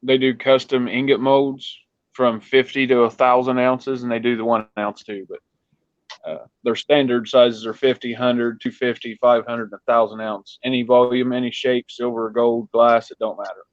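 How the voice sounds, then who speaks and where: A man's voice: medium pitch, little pitch movement, normal speed, dry recording. Easygoing male host, dry dull audio. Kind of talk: casual call-in chat.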